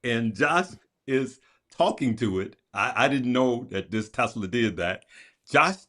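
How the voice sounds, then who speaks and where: A man, a guest stock commentator, chatting casually about his picks and telling a funny story in an animated way. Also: mid-range voice, unhurried. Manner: animated storyteller, laughing retelling. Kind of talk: casual group chat on stocks.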